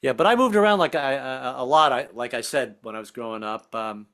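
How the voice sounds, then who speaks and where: This comedian from the American South has a medium-pitched, slightly bright voice and talks a little fast. On stage he trips over his words, restarts constantly, and drops into assumed voices.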